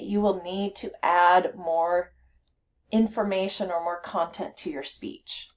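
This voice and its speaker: A woman English teacher giving clear, patient, deliberate spoken instructions for a class assignment. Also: medium pitch, a little mellow, lo-fi sound.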